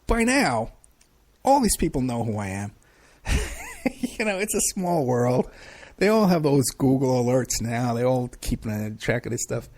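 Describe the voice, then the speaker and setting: A man's voice: mid-range voice, sing-song, a little slow, a little mellow. A middle-aged man hosting a live show, chatting casually and rambling through questions from the chat with many fillers. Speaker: podcast host.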